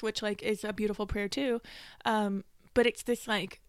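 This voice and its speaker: A young woman co-hosting a casual faith podcast, talking in an animated way and laughing often. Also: a little high, normal speed, clean tone, no room sound. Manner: animated, laughs often, retells with mimicking voices. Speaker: podcast co-host.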